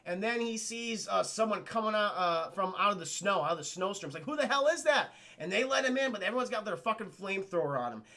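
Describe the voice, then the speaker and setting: A man streaming live, recapping a film scene by scene for his chat in a loose, profane way and acting out the characters' lines. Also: high voice. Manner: animated, acts out characters' lines in quick changes of voice; swears a lot and keeps addressing the chat.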